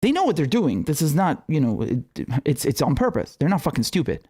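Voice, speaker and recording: Young male commentator, fairly high voice, swears a lot, heated and sarcastic rant. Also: a little fast, husky. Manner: profane, animated, sarcastic rants. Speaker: political commentator.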